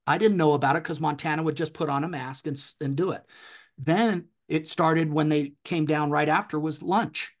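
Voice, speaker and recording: A middle-aged man telling a personal story as a podcast guest, with an intense, emphatic delivery. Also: a little high.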